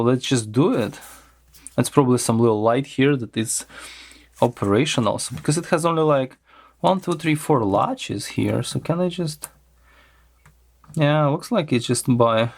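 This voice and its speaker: A man with a delivery talks slowly through a hands-on electronics teardown. His voice sits at a middle pitch, and he muses aloud with plenty of fillers and restarts. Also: darkish tone. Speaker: electronics teardown channel host. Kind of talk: casual hands-on teardown commentary.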